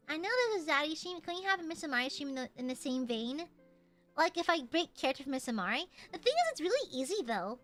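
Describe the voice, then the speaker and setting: Streamer, young woman, light Southern twang, bright and high, relaxed pace, faint music underneath. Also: a little fast. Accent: American, light Southern twang. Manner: playful, reads chat aloud, slips into joke voices. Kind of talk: casual live-stream chat while trying out voices.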